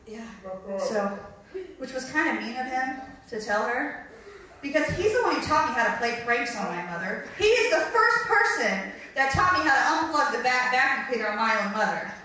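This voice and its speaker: A woman telling a comic story on stage, chatty and self-mocking, breaking into squeaky voices to quote people. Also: lively intonation, normal speed, sharp tone. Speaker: comedian. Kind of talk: stand-up storytelling. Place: stage before a live audience. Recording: distant mic in an echoey hall with faint noise.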